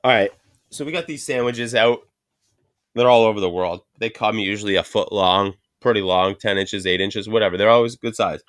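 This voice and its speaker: A man's voice: lowish voice, fairly quick, no echo. Joking Canadian man, dry close sound. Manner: joking, swears casually, lively asides. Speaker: podcast host. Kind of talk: casual chat.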